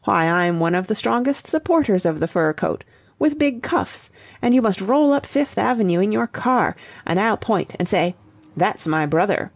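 A woman's voice: medium pitch, very animated, moderate pace, vocal fry, no room sound. A woman voicing Sally, a witty young woman who mocks her brother in a playful, lightly theatrical way. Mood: teasing.

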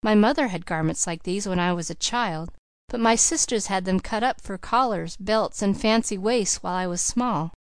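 Woman reading a gentle, reassuring older friend. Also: medium pitch, normal speed, smooth, dry recording, close to an everyday voice. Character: kindly, composed grown woman mentor.

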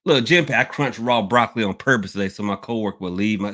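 A man hosting a casual podcast Q&A, rambling and animated, swinging between loud outbursts and low mutters. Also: quick pace. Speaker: podcast host. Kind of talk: casual live Q&A chat.

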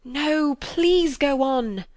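A woman's voice: high voice, drawn-out words, darkish tone, no echo, studio quality. A woman playing a haughty aristocratic eldest daughter in an amateur drama reading.

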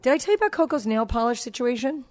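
This podcast host, a woman in her forties, speaks fast in a slightly high, expressive voice with a darkish tone. Chatting casually, she recounts a story about her children and performs their lines.

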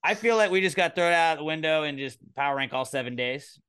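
A man's voice: fairly high pitch, animated, brisk, sharp tone, clean tone. A man hosting a casual comedy podcast, talking in a loose, rambling way and swearing now and then. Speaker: podcast host.

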